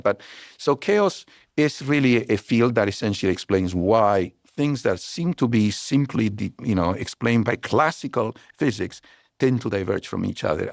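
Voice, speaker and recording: Older male scientist guest, gravelly, explains in loose anecdotal bursts. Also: on the low side, dry recording, studio quality. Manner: digressive, anecdotal, many restarts, animated storytelling. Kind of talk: relaxed explanatory interview talk.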